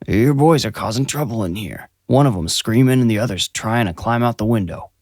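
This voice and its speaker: Man playing grumpy old grandpa, gruff, demanding, sneering, low, dry sound. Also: expressive, fairly quick, darkish tone, no echo.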